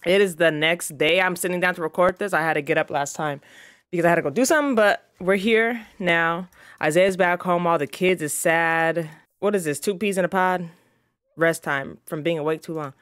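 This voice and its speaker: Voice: mid-range voice, normal speed, fairly bright tone, smooth, no echo, clean studio sound. A gaming channel host giving casual let's-play commentary, scolding the game characters and reading on-screen text aloud. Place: home recording setup.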